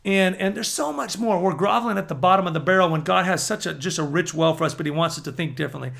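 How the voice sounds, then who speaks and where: A man preaching to an audience as a prophetic minister, fervent and building to emphatic near-shouts. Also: sits high, fast, creaky.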